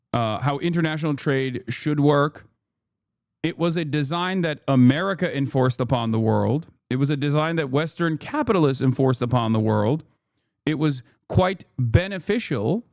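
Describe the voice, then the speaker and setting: His voice sits on the high side, and the audio is studio quality without echo. He's live-streaming loose commentary on the news, ranting with sarcasm and profanity and circling back to the same phrases.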